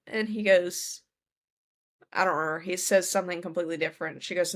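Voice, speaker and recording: A woman's voice: on the low side, steady tone, brisk. A young woman co-hosting a podcast, animatedly retelling a TV show's plot and acting out the characters' lines in casual chat. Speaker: podcast co-host. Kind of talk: casual chat recapping a TV show.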